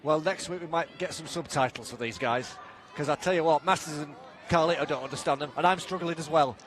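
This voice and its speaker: A man's voice: fairly high pitch, fairly quick, fairly bright tone. A man doing live wrestling commentary, calling the action with wry, jokey quips.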